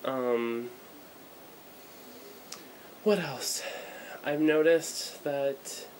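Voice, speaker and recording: Young man, from the US, rambling, filler-heavy, small hotel room, mid-pitched voice. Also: very slow, a little mellow, a little hiss or hum, poor audio. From United States. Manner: rambling, irreverent, many fillers. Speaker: vlogger. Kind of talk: casual travel vlog.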